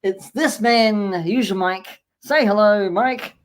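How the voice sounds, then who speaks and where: A man's voice: high-pitched, slow. A man hosting a casual online chat show, rambling and joking and often correcting himself mid-sentence. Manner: rambling, jokey, self-correcting. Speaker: host.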